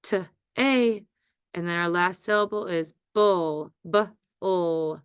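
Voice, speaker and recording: A woman leads a phonics lesson at a very unhurried pace, drawing out each word and sound. Her voice is smooth and clear. The recording is dry and close, with no room sound. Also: fairly low pitch, no echo. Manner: slow, deliberate, stretches out words and sounds. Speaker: teacher.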